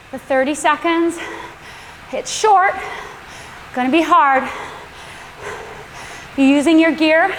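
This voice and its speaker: A woman's voice: high-pitched, in a large hall, a little hiss or hum. A woman coaching an indoor cycling class, chatty and instructive, laughing often between cues.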